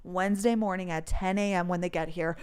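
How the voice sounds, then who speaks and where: A woman's voice: fairly low pitch, steady tone, brisk, smooth. A young woman telling a frustrating story in a casual, exasperated rant, swearing freely and saying "like" a lot. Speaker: podcast host. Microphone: voice memo recording.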